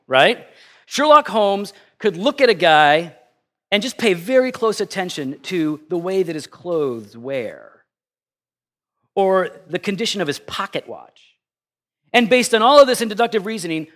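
A middle-aged male pastor with a high-sitting voice delivers a conversational sermon. He tells stories in an animated, self-deprecating way.

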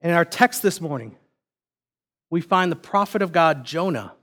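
A young man preaching a sermon, telling a personal family story in a relaxed, self-deprecating way. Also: a little high, moderate pace. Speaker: pastor.

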